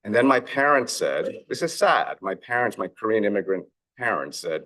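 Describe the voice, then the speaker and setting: A middle-aged man gives a keynote talk from the stage. His voice sits fairly low. He speaks reflectively and often acts out bits of family dialogue as he tells his stories. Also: very animated, moderate pace, hardly any pauses, pushed and bright. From United States. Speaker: author and investor giving a keynote. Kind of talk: conference keynote speech.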